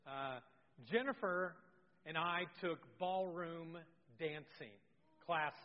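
High-voiced pastor in a reverberant hall. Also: male voice. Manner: storytelling, self-deprecating, lively. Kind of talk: sermon. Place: church sanctuary. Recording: dull sound with long hall reverb.

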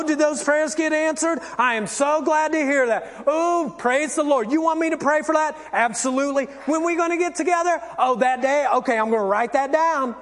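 A man's voice: very high voice, a bit bright, voice pushed up. A man voicing a gushing churchgoer who sweetly chats on the phone in a sing-song, overly sweet way. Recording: long church reverb.

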